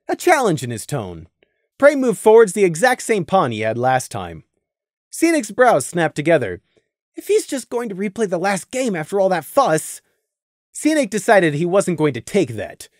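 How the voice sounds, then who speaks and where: A narrator reading a fan audiobook with expressive storytelling on a close mic. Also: medium pitch, no room sound.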